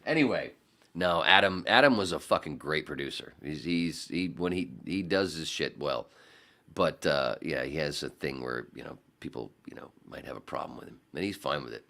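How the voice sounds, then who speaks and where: A man telling stories as a podcast guest in casual chat, animated and profane. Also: extremely low pitch, moderate pace, creaky.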